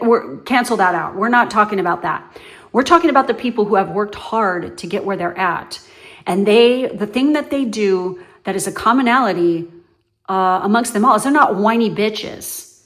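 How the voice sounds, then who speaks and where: A woman giving her viewers a casual, foul-mouthed pep talk as a tarot reader, blunt and emphatic. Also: medium pitch. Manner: blunt and profane, emphatic, swings between loud and soft.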